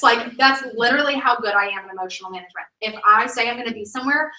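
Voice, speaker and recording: Bright, emphatic woman coaching a room. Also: fairly high pitch, racing. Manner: emphatic, chatty, peppered with "like". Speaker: sales director training new consultants. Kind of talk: motivational training talk. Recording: echoey room, mic at a distance.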